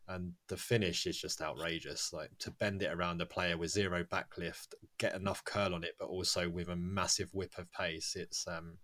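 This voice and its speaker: Chatty lowish-voiced male podcast host. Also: steady tone, normal speed, few pauses, fairly bright tone. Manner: chatty, laughs often, many fillers. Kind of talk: casual football podcast chat.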